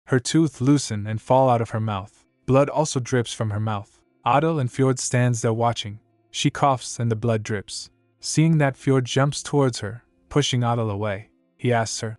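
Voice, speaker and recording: A man's voice: mid-range voice, moderate pace, no room sound, soft background music. A man narrating a comic story recap, reading all the characters' lines in his own narrating voice. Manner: reads every character's lines in the same narrating voice. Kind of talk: scripted narration.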